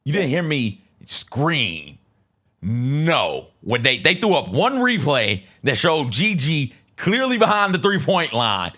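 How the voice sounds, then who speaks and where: A man co-hosting a sports talk show, animated and joking, acting out players as he tells it. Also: medium pitch. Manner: animated, acts out players in voices.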